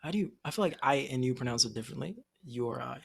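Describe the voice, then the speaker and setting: A man's voice: mid-range voice, lively intonation, racing, gravelly, husky. A man co-hosting a casual anime discussion podcast, talking animatedly, laughing often and acting out the characters' lines. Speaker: podcast co-host.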